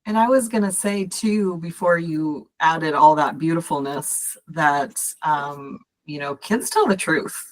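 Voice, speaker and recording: A woman's voice: low-pitched, a little slow, few pauses. A woman hosting a podcast as a coach, talking casually and encouraging her listeners directly.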